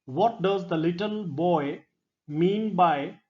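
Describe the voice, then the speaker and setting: A middle-aged male professor lectures on poetry at a very unhurried pace, his voice sitting a little high for a man. He explains each point deliberately, pausing with the odd filler. The recording sounds dull and lo-fi. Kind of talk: literature lecture.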